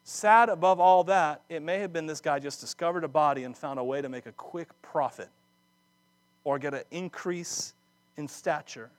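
A man preaching a sermon, acting out scripture dramatically with laughs and quick asides. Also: fairly high pitch, no echo. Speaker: pastor.

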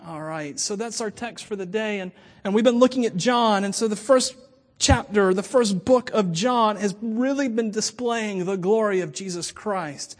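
Man, pastor, very high voice, relaxed sermon, chatty with little jokes. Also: normal speed. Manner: conversational, joking asides.

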